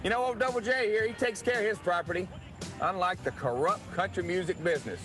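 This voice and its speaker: A man's voice: high-pitched, brisk, a bit bright, soft background music, voice pushed up. A man playing a cocky young country-singer wrestler in a boastful, taunting promo vignette. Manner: boastful, taunting, spells out his name.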